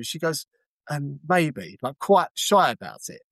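A man, a cab driver telling lively anecdotes in a casual interview and acting out the shouts in his stories. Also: on the high side, normal speed, dry recording. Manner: animated storyteller who jumps to shouts when acting out scenes.

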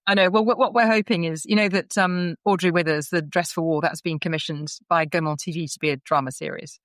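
A woman's voice: fairly low pitch, fairly quick, no echo. A middle-aged woman, an author being interviewed, telling stories and acting out the dialogue. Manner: animated, acts out quoted dialogue, frequent restarts. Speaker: author guest. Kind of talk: conversational interview storytelling.

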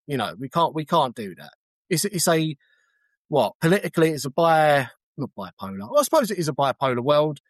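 A man, a cab driver telling lively anecdotes in a casual interview and acting out the shouts in his stories. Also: fairly high pitch, a little fast, dry recording. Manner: animated storyteller who jumps to shouts when acting out scenes.

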